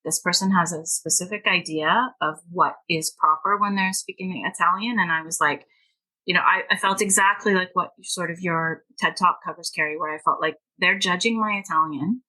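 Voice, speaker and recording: A woman's voice: on the low side, fairly even intonation, normal speed, sharp tone, rough recording. A middle-aged woman from Canada, a guest author on a podcast, telling stories animatedly, laughing often and acting out the people she quotes. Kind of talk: podcast interview.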